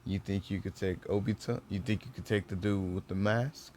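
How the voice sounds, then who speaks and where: A man voicing a brash, laid-back teenage boy ninja in a retold fan story, in his own low voice. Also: steady tone, moderate pace, darkish tone, a little hiss or hum, close to an everyday voice. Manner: casual, offhand delivery.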